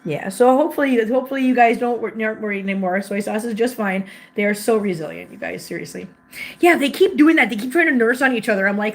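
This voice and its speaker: A woman hosting a casual livestream from home, chatting with viewers and cooing at her cats in a high sing-song voice. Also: fast talker, echoey room. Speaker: host. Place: home room full of cats. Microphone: laptop mic.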